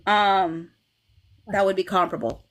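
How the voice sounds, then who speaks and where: A woman hosting a casual fan livestream, talking in an animated way with frequent laughs and restarts. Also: mid-range voice, measured pace. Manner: animated, laughs often, many restarts and okays. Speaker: livestream host.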